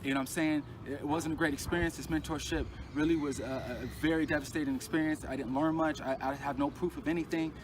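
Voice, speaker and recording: Guy venting his story outside, bit higher voice, halting and repeating himself, loud traffic going by. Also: steady tone. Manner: halting and agitated, many restarts and repeated phrases. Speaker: storyteller recounting a personal ordeal. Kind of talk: casual personal account.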